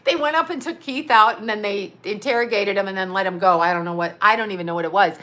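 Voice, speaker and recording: Bright-voiced chatty middle-aged woman. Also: mid-range voice, quick pace. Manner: rambling, chatty storytelling with frequent laughs and swearing. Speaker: psychic medium and astrologer. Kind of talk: casual livestream chat reading comments.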